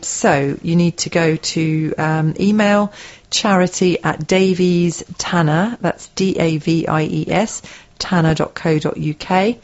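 A woman's voice: on the low side, highs cut off. A woman co-hosting a local radio show, reading out event listings with a playful, teasing, giggly manner. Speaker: radio co-host. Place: radio studio.

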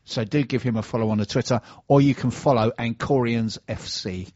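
A man's voice: medium pitch, a little fast, a little mellow, no room sound, dull audio. A man hosting a radio show, chatting casually and trading jokey, teasing banter.

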